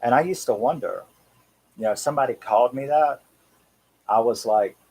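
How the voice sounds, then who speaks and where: A man's voice: medium pitch, moderate pace, a little mellow, slightly rough, rough recording. A man in his thirties from England with a Cockney accent, hosting a casual live-stream chat in a rambling, chatty way and chuckling often. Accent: Cockney English. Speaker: horror channel host.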